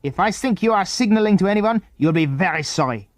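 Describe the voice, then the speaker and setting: A gruff foreign enemy man, as the narrator of a storybook puts him on, suspicious and menacing, giving orders slowly and deliberately. He sits higher than the narrator's usual voice and swings his pitch widely. The recording is dry and close. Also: expressive, dry recording. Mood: stern. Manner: stern, commanding, slow and deliberate.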